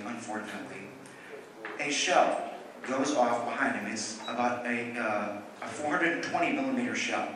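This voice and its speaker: A drunk man telling a war story at a convention panel, rambling and correcting himself with animated bursts. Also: medium pitch. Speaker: panel presenter telling history. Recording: echoey hall, from far off, noisy.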